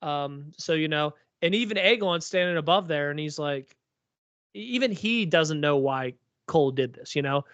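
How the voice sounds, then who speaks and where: Male podcast co-host, higher register, loose rambling delivery, close dry mic, muffled recording. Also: lively intonation, moderate pace, a bit bright, dry recording. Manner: rambling, lots of "like" and "um". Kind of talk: casual TV recap chat. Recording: dull lo-fi recording.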